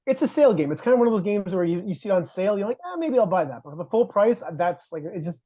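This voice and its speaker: A man with a fairly high voice talks games on a casual podcast, rambling and doubling back on his words. His audio sounds dull and dry. He laughs easily between points. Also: very animated, racing, no echo. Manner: rambling, self-correcting, laughs often. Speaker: guest host, VR reviewer.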